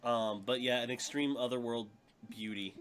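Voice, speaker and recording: A man running a tabletop game as dungeon master, narrating in a loose, halting way with many fillers. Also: medium pitch, steady tone, fairly bright tone. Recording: dull muffled audio with background hiss.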